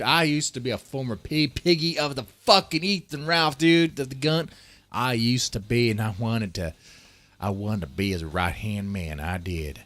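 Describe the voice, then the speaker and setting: Putting on an over-the-top Southern drawl, a man in his thirties jokes and chats loosely on his live stream. His voice is medium in pitch with a fairly bright tone.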